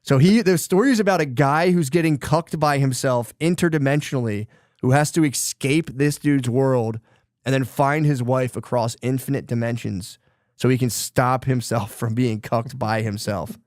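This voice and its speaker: A man's voice: medium pitch, moderate pace, a little mellow, no room sound. Rambling, profane man with a dry voice. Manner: loose, rambling retelling of a book plot, with profanity. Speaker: podcast host. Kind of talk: casual chat.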